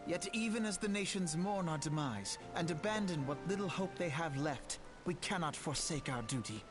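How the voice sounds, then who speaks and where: A man's voice: a little high, expressive, moderate pace, lightly acted. Alphinaud, earnest young noble scholar, voiced by a man. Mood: earnest, grave. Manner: formal, old-fashioned speech. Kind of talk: game voice acting. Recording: game audio with clear music behind. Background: game music.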